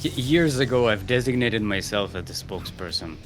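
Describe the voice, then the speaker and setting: Laid-back male co-caster, lively pitch. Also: a little fast, over music. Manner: laid-back, dry and teasing. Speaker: esports caster. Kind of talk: live game commentary.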